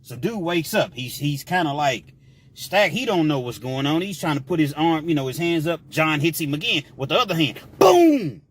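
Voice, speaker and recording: A man telling a story in a casual, slangy way, with animated delivery and shouted sound effects. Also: a little high, moderate pace.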